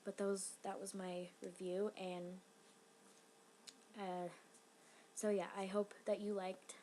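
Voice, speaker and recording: Woman, casual vlog review, flat and even pitch, rambling and emotional, faint background hiss. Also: low-quality recording. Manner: rambling, excitable and emotional, with lots of "like" fillers. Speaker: TV episode reviewer.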